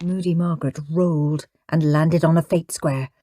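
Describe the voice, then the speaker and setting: A woman narrating a children's audiobook in a lively, dramatic way, relishing each line. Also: deep voice, moderate pace, over music. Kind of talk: expressive storybook narration.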